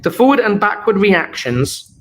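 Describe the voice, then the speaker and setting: A man's voice: high-pitched, very animated, normal speed, a little hiss or hum, rough recording. A young man teaching an exam revision lesson, playful and jokey, walking through answers and checking that his students follow along. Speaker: chemistry teacher.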